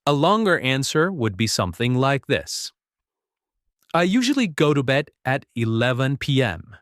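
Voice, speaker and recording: A man teaching an English lesson, speaking slowly and clearly, encouraging learners and repeating phrases. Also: mid-range voice, very animated, a bit bright, no room sound, clean studio sound.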